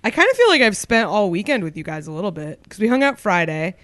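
A woman's voice: mid-range voice, very animated, fast talker, fairly bright tone, no room sound. A young woman co-hosting a podcast in casual chat, playful and teasing, laughing often. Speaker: podcast co-host.

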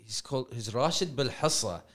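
A man hosts a casual podcast chat, mid-pitched and easygoing. He walks his friends through clips in loose, slangy talk. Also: expressive, brisk, a bit bright. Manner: laid-back, laughs often, slangy. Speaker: podcast host.

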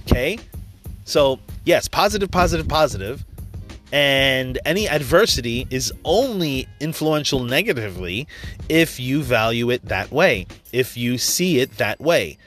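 A man's voice: mid-range voice, a bit bright. Blunt, profane motivational man. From New York area. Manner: blunt, profane, storytelling with acted-out quotes. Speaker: motivational speaker. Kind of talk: casual motivational monologue.

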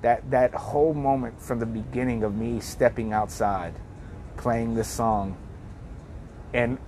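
A man's voice: mid-range voice, lively intonation, a little slow, darkish tone, slight background noise. Rambling reflective man telling a story. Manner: rambling and reflective, with many restarts and "like". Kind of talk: casual personal storytelling.

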